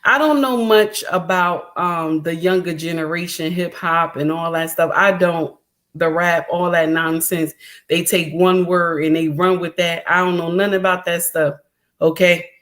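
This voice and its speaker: A woman's voice: lowish voice, fairly even intonation, a little slow, a bit bright. A middle-aged woman hosting a livestream, talking straight to her viewers in an emphatic, repetitive, preachy way. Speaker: livestream host.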